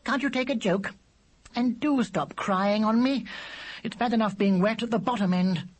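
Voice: medium pitch, normal speed, slightly rough, pitched above the performer's own voice, close to an everyday voice. Reader voicing a dry know-it-all baby boy. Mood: teasing. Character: clever talking baby boy, dry and patient. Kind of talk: audiobook character voice.

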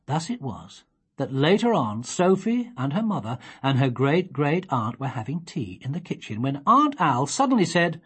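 A woman reading a children's story aloud, expressive and gently measured. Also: sits low, breathy edge. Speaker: reader.

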